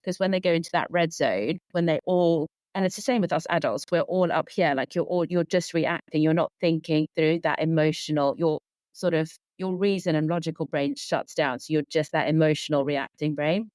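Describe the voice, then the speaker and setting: A woman's voice: deep voice, moderate pace, a little mellow, no room sound. Rambling, earnest woman in her thirties. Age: 30s. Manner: earnest, rambling, full of fillers like "like". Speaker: guest, sleep consultant. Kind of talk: casual conversational interview.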